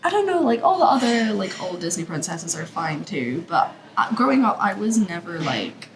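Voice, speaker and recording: A young woman co-hosting a podcast, chatting in an easygoing, hesitant, soft-spoken way. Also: mid-range voice, very animated, moderate pace, a crowd in the background, rough recording. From Scotland. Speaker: podcast co-host. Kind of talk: casual chat.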